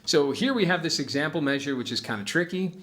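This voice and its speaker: Man teaching guitar over loud picking. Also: a little high, lively intonation, fast. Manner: counts beats aloud while demonstrating. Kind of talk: casual guitar lesson. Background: acoustic guitar playing.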